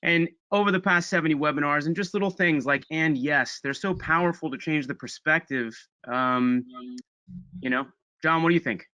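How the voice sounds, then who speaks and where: Brief: man, slightly high, bright voice, dry close sound, hesitant co-host. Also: normal speed, no room sound, muffled recording. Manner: hesitant, with many fillers. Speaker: webinar co-host. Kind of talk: casual panel talk.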